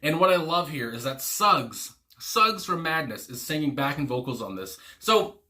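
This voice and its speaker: A man's voice: a little high, animated, normal speed, sharp tone. A man hosting a music reaction video, talking in a casual, rambling way with many fillers, restarts and chuckling asides. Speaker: music reaction channel host.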